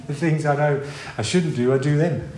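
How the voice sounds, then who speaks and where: A man's voice: on the high side, normal speed, darkish tone, a little hiss or hum. A man preaching an informal sermon in a conversational, rambling way, with many restarts and asides. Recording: roomy hall with faint ambience.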